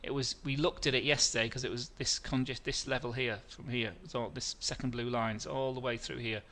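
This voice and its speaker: A middle-aged man hosts a live trading webinar with a bright, forceful voice. He rambles through charts at a mid pitch, restarting phrases and answering viewer questions as he goes. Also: steady tone, a little fast.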